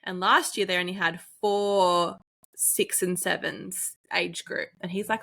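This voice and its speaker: A woman co-hosting a podcast in casual chat, telling lively anecdotes and slipping into other people's voices. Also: fairly low pitch, measured pace, gravelly. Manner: lively storyteller, acts out others in her anecdotes. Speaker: podcast co-host.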